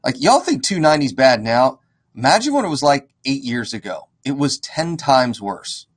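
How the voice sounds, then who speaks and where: Animated man telling a story. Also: medium pitch, normal speed, breathy edge. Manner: animated, acts out quoted dialogue. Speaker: real estate investor and educator. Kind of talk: casual storytelling to an audience.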